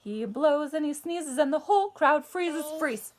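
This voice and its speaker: A woman teacher reads a picture book aloud to children in a high, slow, sing-song voice. She stops often to invite them to join in. A faint hiss sits under the recording. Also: lively intonation. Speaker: music teacher.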